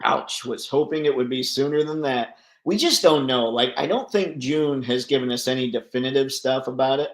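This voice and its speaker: A man hosts a casual livestream, reading out viewer comments and answering them in a loose, chatty way. He laughs easily and his voice sits at an ordinary middle pitch. The room around him is roomy and echoey. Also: normal speed, hardly any pauses. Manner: chatty, laughs often, reads comments aloud. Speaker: livestream host reading chat. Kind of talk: casual live chat.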